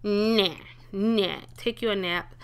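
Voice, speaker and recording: A woman's voice: very slow, smooth. Chatty young woman narrating a game. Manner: chatty, talks to the game characters, bursts of excited high pitch. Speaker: let's play gamer. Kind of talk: casual gameplay commentary.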